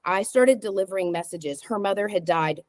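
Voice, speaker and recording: Woman, talk show guest, expressive storyteller, acts out quotes, dry close sound. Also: mid-range voice, normal speed, no echo. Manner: expressive, acts out quoted dialogue, frequent restarts. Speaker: psychic medium guest.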